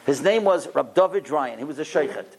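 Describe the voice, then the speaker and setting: Gravelly-voiced rabbi telling animated stories. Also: male voice, a little high, a little fast. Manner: animated storyteller who acts out dialogue. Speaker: rabbi and mohel. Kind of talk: storytelling talk.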